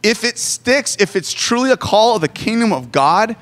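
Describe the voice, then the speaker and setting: Animated, joking male preacher. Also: high-pitched, moderate pace. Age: 40s. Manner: animated, joking, self-deprecating. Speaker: pastor. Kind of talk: sermon.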